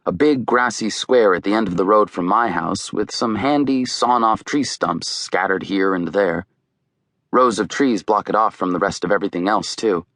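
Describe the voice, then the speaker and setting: A man's voice: lowish voice, normal speed, fairly bright tone, dry recording, clean studio sound. A man narrating an audiobook in a wry, conversational storytelling way. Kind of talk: scripted narration.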